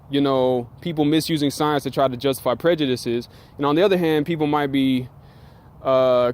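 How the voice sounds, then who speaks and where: A man's voice: on the high side, a little mellow. A man rants to camera in a slightly raised voice. His talk is loose, slangy and heavy with swearing. He repeats points for emphasis and cuts in with short laughs. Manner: profane, slangy and emphatic, with frequent laughs and filler. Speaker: vlogger. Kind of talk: casual rant to camera.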